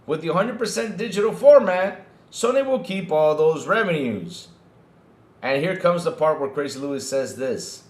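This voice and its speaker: Speaking fairly high at a moderate pace, with reverb on the audio, this gaming podcast host reads the news and tears into it with mocking, profane commentary. He's animated, swears freely and talks directly to his chat.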